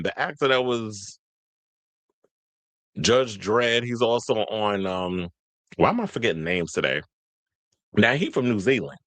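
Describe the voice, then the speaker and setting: A man's voice: lowish voice, dry recording. A man hosting a casual pop-culture show, chatty and rambling, often losing track of names. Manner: chatty, tangential, forgets names. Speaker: podcast host.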